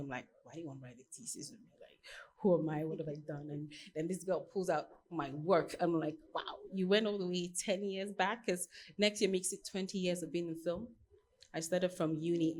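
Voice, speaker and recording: A woman from Nigeria in her thirties, a costume designer answering on a panel as an animated, laughing storyteller. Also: fairly low pitch, a little hiss or hum.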